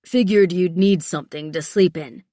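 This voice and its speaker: A woman voicing a gruff, taciturn big mountain-guide man in an audiobook, with curt, clipped grumbling replies. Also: lowish voice, moderate pace, dark tone, no echo, studio quality, lightly acted. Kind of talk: audiobook character voice.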